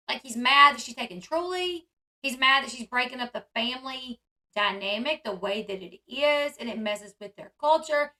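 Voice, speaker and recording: This vlogger's voice is high-pitched, bright and forceful, moving at a moderate pace. Her reality-show reaction is casual chatter, thick with "like" and "um."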